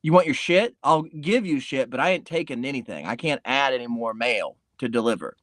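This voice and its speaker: A man voicing a grumpy, overworked male mail carrier who talks gruffly and curses. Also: mid-range voice, animated, fairly quick, fairly bright tone, no room sound, clean studio sound, close to an everyday voice. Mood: irritated. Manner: gruff, cursing.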